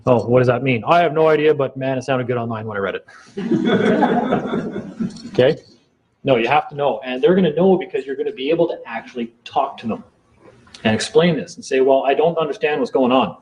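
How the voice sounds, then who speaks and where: A man's voice: mid-range voice, fast, a little mellow, highs cut off, a little hiss or hum. A man giving a casual talk to a small group, rambling and repeating himself as he acts out exchanges in court. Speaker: seminar speaker.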